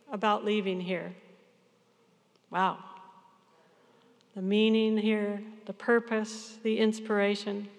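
A woman in her sixties, a pastor, giving an earnest, measured sermon to her congregation. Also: mid-range voice, in a large hall. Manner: earnest, measured farewell address.

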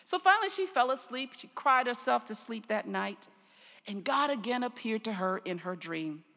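An older woman pastor preaching a sermon, telling stories slowly and deliberately, her phrase endings trailing off softly. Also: fairly high pitch, expressive. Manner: slow, deliberate storytelling with soft trailing endings. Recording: long reverb of a large hall.

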